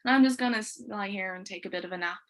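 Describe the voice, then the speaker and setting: A woman voicing a lazy, greedy male pig who owns a mattress factory, with a slow, dismissive drawl. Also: medium pitch, pitched below the performer's own voice, close to an everyday voice.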